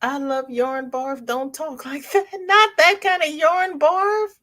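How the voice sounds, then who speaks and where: A middle-aged woman hosts a casual crochet livestream, reading viewer comments aloud and chatting warmly, calling people "girl" and "honey." Her voice is high-pitched with fairly even intonation, and she speaks slowly with frequent ums and restarts.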